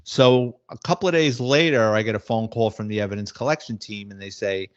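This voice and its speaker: A middle-aged former police detective, casually telling wisecracking anecdotes in a blunt way. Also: male voice, lowish voice, brisk. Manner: blunt, wisecracking, acts out quoted dialogue. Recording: slightly muffled audio.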